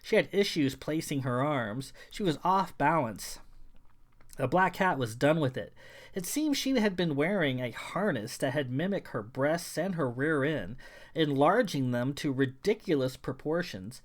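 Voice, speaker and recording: A man's voice: on the high side, expressive, a little slow. Man reading a science fiction novel aloud. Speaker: author and narrator. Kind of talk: audiobook narration.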